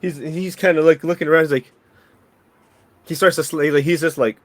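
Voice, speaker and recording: A man's voice: a little high, fairly even intonation, fairly quick, no room sound. A young man narrating as dungeon master, rambling with frequent restarts. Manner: rambling, repeats and restarts while describing. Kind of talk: narrating a tabletop game.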